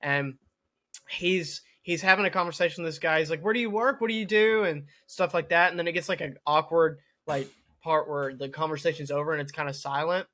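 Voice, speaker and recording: Young man, podcast co-host, bright tense voice, casual rambling storytelling, lots of fillers. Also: fairly high pitch, flat delivery, a little fast. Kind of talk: casual comedic chat.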